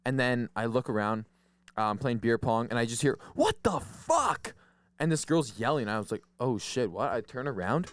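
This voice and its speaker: A man's voice: medium pitch, a little fast, clear, resonant tone, no echo. Young male co-host, casual, profane party anecdotes, dry sound. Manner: crude storytelling, swears a lot. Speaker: podcast co-host. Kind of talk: casual chat.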